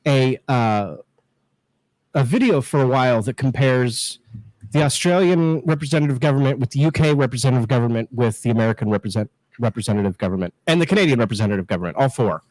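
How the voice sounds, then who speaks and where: A man in his thirties with a mid-pitched voice chats as a guest on a live stream over a video call. He jokes, teases himself and laughs often. The sound is dry and close. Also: animated, fast, a little mellow, dry recording, rough recording. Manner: joking, self-mocking, laughs often. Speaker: guest, political scientist and show host. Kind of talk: casual live-stream chat.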